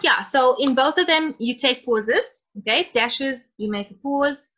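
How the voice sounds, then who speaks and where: Bright chatty teacher lady, kinda high voice, dull lo-fi call audio. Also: unhurried. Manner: chatty, encouraging, reads student chat aloud. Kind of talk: online class lesson.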